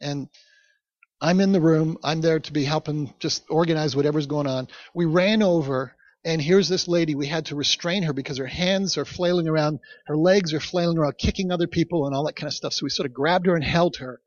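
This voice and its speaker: A man's voice: a little high, a little fast, dry recording. A male pastor preaching a sermon in a conversational storytelling manner, with asides to the congregation. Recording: dull, dry recording.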